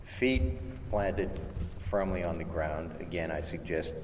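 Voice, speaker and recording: Slow, low-voiced male meditation guide, recorded in a reverberant chapel. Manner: slow, gentle guidance with hesitant restarts and chanted syllables. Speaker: meditation teacher. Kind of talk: guiding a contemplative prayer workshop. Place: large chapel with long reverb. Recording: echoey chapel recording, faint hiss.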